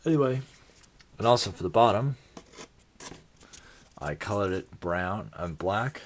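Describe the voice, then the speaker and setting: A man's voice: deep voice, measured pace. A tired man talking casually through his hobby crafting work, rambling and self-deprecating. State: tired, yawning. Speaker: hobby video maker.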